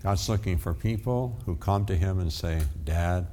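An older man, a pastor, delivering an earnest sermon with dramatic pauses, telling stories and then praying. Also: sits low, warm tone, slight background noise.

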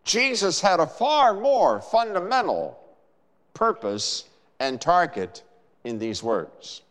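A man preaching a sermon in a measured, emphatic way, with dramatic pauses. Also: sits high, big pitch swings, a bit bright. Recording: long hall reverb.

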